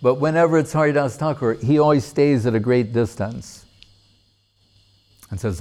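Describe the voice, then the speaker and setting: A man telling a devotional story as a sermon, in an unhurried, deliberate manner. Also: mid-range voice, darkish tone. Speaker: religious storyteller.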